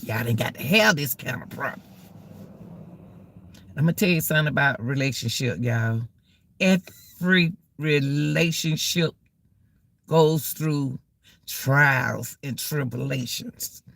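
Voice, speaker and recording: A woman's voice: rumbling low, takes it slowly, creaky, pauses often, fairly bright tone, no echo. A woman giving relationship advice to her viewers, in a preachy, repetitive way. She drawls her key words and keeps calling her listeners "y'all.". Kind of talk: casual advice talk to viewers. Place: outdoors in the cold.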